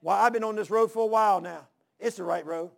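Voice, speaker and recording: A man in his sixties delivers a sermon in a high, gravelly voice with plenty of fry. He talks in a folksy way, leaning on "man" and "ain't." He hammers points home by repeating them and calling out amen and hallelujah. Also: quick pace. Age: 60s. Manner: emphatic, repeats phrases, calls amen and hallelujah. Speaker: preacher.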